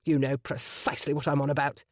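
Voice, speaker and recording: A narrator voicing a ruthless self-made duke in an audiobook, speaking in a low, smooth and threatening way. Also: male voice, little pitch movement, fast, no room sound, clean studio sound, close to an everyday voice. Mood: menacing. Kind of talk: audiobook character voice.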